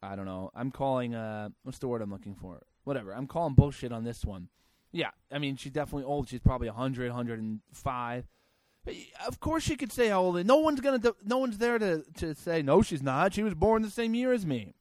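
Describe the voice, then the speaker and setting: A man's voice: mid-range voice, a little fast, a little mellow, no room sound. A man hosting a comedy show, reading out news stories and ranting about them in a sarcastic, crude way. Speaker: podcast host.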